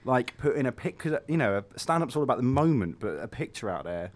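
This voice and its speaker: Male radio host, rambling casual chat, animated voice. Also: medium pitch, fast talker. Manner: rambling, filler-heavy, laughs often. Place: radio studio.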